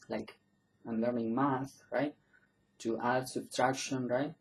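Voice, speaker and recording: A man's voice: mid-range voice, poor audio. A man giving a casual online pronunciation lesson. He says each example word several times for practice, and he often stops to correct himself and apologize. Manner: loose and self-correcting, often apologizing and restarting; repeats example words slowly for practice. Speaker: pronunciation teacher.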